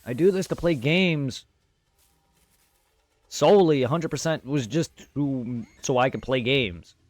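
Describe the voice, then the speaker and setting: A male streamer talks into his desk mic to his live chat. He vents, blunt and frustrated, his voice sitting at a middling pitch. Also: unhurried, no room sound. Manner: frustrated, venting.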